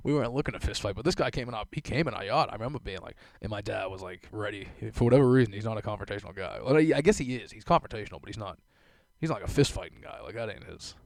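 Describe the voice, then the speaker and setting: A man's voice: lowish voice, animated, racing, vocal fry, no room sound. A young man telling rambling stories in a casual monologue, swearing often and laughing to himself. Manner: profane, rambling, laughing asides. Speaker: solo vlogger.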